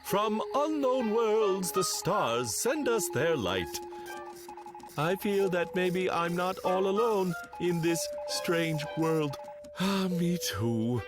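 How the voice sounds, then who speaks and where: A man's voice: high voice, exaggerated voice. A man voicing a moody, misunderstood cartoon inventor creature who talks theatrically, swinging between pompous and desperate. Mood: dreamy. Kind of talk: animated cartoon dub. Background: background music.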